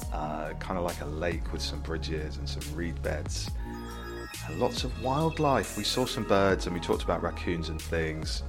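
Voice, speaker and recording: A man hosting a podcast in a relaxed, chatty, jokey way. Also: low-pitched. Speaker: podcast host. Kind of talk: casual podcast chat.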